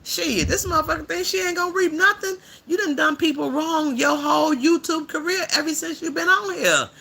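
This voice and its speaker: A man voicing a blunt, rough-edged older woman who hosts a livestream and gives preachy commentary in a drawling, slang-filled way. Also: extremely high pitch, moderate pace, bright, forceful tone, heavily acted. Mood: scornful. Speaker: livestream host.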